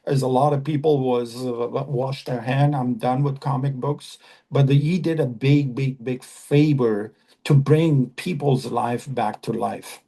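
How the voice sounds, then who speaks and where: A man from Afghanistan in his fifties speaks as a podcast guest, earnest and halting, often restarting and repeating himself. His voice is low in brightness and gravelly, with a husky edge. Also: steady tone. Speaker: actor guest. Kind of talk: podcast interview.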